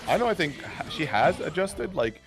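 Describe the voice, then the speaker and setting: A man's voice: on the high side, sing-song, normal speed. A young man giving live fighting game commentary, analytical and heavy on fillers, often asking "right?". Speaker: esports commentator.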